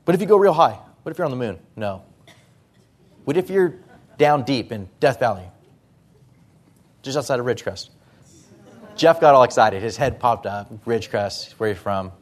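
A pastor preaching a sermon in church, talking through scripture in a conversational way with rhetorical questions. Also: male voice, medium pitch, animated, moderate pace, long pauses.

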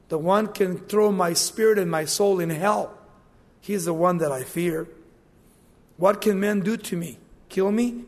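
High-voiced man preaching in a reverberant hall. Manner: dramatic, acts out quoted voices. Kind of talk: sermon.

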